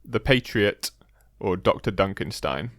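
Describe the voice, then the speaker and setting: A man's voice: fairly low pitch, lively intonation, unhurried, fairly bright tone, no echo. Young guy doing quiz questions on a podcast, giggly and teasing, dry close sound. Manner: chatty, giggly, teasing quizmaster. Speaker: podcast co-host running a quiz. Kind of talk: casual podcast quiz chat.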